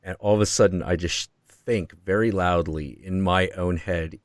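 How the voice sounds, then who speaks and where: A man with a very deep voice hosts a stream and tells a story in a profane, excitable way. He acts out the quotes as he goes. The sound is dry and close. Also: normal speed, no room sound. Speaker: host.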